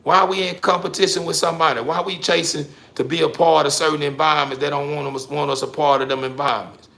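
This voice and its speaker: A man giving a preachy motivational rant straight to the listener, repeating his points and swinging from low muttering to loud emphatic bursts. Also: fairly even intonation, fast, creaky. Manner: preachy, addresses listener directly, repeats himself. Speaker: social media commentator. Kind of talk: motivational street-talk rant.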